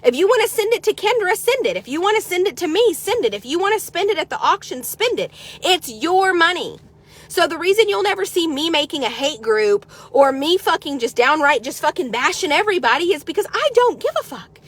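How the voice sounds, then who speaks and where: High-pitched middle-aged lady cussing everybody out on her vlog, sarcastic, loud then mumbly. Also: big pitch swings, a little fast. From United States. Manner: heavy swearing, sarcastic, combative; jumps between loud outbursts and low mutters. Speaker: horse trader vlogger. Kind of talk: profane ranting vlog.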